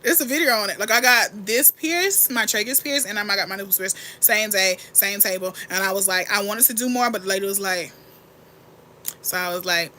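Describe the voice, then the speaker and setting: A young woman hosting a casual get-ready-with-me livestream, chatting candidly and answering her chat in a rambling, animated way. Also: mid-range voice, fairly quick, slight background noise. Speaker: livestream host.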